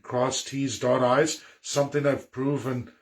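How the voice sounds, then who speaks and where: A man's voice: medium pitch, flat delivery, a little slow. A man giving an emphatic political rant to camera, often repeating his phrases. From Canada. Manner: emphatic and repetitive, doubling phrases.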